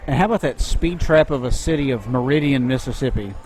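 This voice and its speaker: A man's voice: medium pitch, quick pace. A man in his thirties co-hosting a podcast, telling rambling stories in casual chat. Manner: rambling storyteller, animated. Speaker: podcast co-host.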